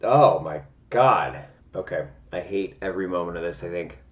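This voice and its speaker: A man's voice: deep voice, lively intonation, moderate pace, lo-fi sound. A man talking chattily and dramatically at home while he reviews makeup, full of sassy exclamations. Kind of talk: casual makeup review vlog.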